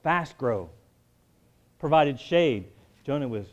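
A man as pastor, preaching a conversational sermon with joking asides and shifts between quiet talk and emphatic build-ups. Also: on the high side, lively intonation, measured pace.

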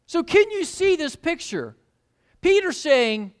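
A woman preaching a sermon, retelling the story in an animated way and repeating words for emphasis. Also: fairly high pitch, measured pace.

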